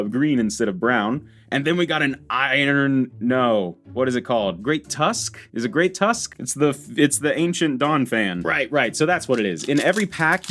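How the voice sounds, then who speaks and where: A man chatting casually as he opens trading card packs, excited and chatty, often laughing. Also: mid-range voice. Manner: animated, excited, chatty with frequent laughs and filler. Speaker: YouTube host opening card packs. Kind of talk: casual pack-opening commentary.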